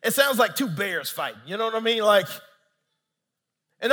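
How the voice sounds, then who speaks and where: A male pastor with a high, bright voice delivers a sermon in an animated, humorous storytelling way. He keeps turning to the congregation with playful asides. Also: normal speed, pauses often, big-room sound.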